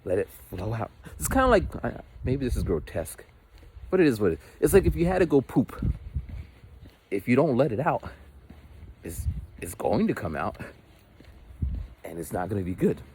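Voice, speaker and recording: A man's voice: mid-range voice, sing-song, moderate pace, long pauses, darkish tone. A man vlogging while walking, chatting casually and rambling, with frequent swearing. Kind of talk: casual walk-and-talk monologue. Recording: walking outdoors with faint street noise.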